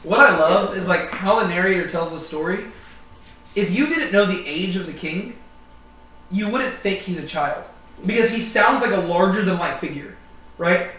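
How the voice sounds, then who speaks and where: Leading a relaxed group Bible study, a man cracks jokes and fills his talk with ums and likes. His voice sits high with a sharp tone, and the distant mic makes the room sound spacious.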